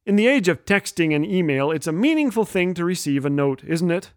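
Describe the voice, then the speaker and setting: A middle-aged man hosting a humor radio show, telling stories with wry, gentle jokes and chuckling at his own lines. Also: high voice, big pitch swings, brisk, hardly any pauses, dry recording, clean studio sound.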